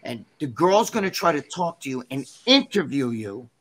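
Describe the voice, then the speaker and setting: A man guest in an interview, telling a story in a rambling, animated, profane way. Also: medium pitch, normal speed, breathy edge. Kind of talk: casual storytelling.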